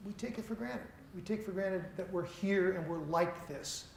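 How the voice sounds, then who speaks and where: A man's voice: sits high, normal speed, creaky. A middle-aged man from Seattle giving a conference keynote lecture, conversational and self-deprecating as he tells stories to an audience. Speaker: keynote speaker. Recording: echoey hall, faint noise.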